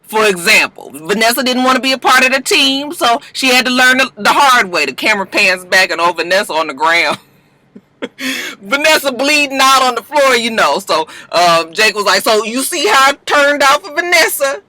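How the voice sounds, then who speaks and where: Brief: slangy TV recap vlogger, casual and animated, mid pitch. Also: moderate pace, rough recording. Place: at a post office.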